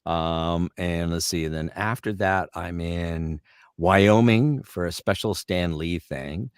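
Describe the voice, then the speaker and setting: A middle-aged voice actor telling lively anecdotes as an interview guest. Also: male voice, low voice, clear, resonant tone, no echo, studio quality. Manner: lively, fast-moving anecdotes. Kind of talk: anecdotal storytelling.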